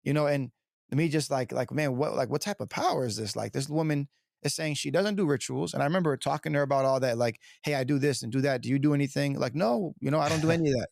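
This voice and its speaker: A man's voice: mid-range voice, fast talker, vocal fry, a little mellow, no room sound, studio quality. A man, a pastor, telling his personal testimony in an earnest, rambling way, full of "like" and "you know", acting out the people he quotes. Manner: acts out quoted people with a raised voice.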